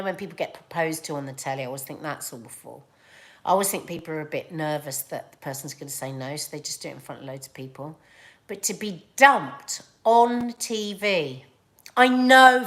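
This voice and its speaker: A woman's voice: medium pitch, a bit bright. A woman chatting casually to camera as a vlogger, rambling with fillers and laughs.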